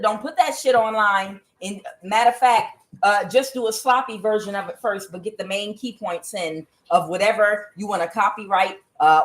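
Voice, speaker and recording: A woman hosting a tarot channel, talking in a blunt, profane, casual monologue full of fillers and laughs. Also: medium pitch.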